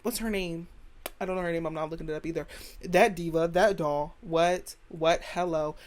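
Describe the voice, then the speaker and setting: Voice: mid-range voice, steady tone, moderate pace. A podcast host from the United States giving a casual opinion rant in a sassy, blunt way, repeating punchlines.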